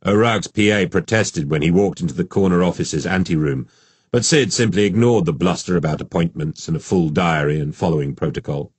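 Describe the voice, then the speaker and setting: Low, husky male audiobook narrator. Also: dry recording. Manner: measured, steady storytelling.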